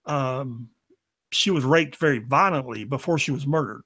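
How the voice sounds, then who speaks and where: A man's voice: mid-range voice, moderate pace, fairly bright tone. A man co-hosting a casual comic book podcast, who stammers and repeats words while he talks and has a cold. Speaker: podcast co-host.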